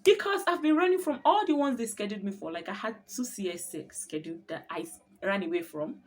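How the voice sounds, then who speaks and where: A young woman telling her birth story in a casual vlog, expressive and often laughing as she talks. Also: mid-range voice, quick pace.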